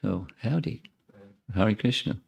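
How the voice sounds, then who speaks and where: A man's voice: lowish voice, lively intonation, slow pace, gravelly, darkish tone. A man giving an informal spiritual lecture to an audience in a temple hall, talking conversationally with asides to listeners and restarting his phrases as he thinks. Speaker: monk giving a spiritual talk.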